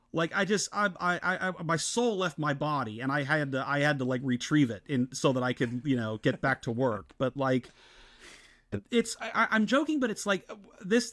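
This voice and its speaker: A man, co-hosting a casual podcast and telling stories in an excited, animated way with many restarts. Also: medium pitch, dry recording. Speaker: podcast co-host.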